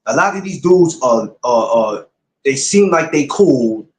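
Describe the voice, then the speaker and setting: In a roomy recording, a man hosting his podcast speaks to livestream viewers with a mid-range, expressive voice at a measured pace. He's casual and blunt, restating points like a lecturer.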